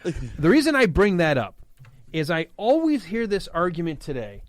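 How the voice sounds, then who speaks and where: A man with a Midwestern accent filling in as a talk radio host, chatting fast and telling animated stories. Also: sits high, dry recording. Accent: Midwestern American. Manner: animated, fast storytelling with quoted voices. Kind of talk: casual talk radio chat. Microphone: studio microphone.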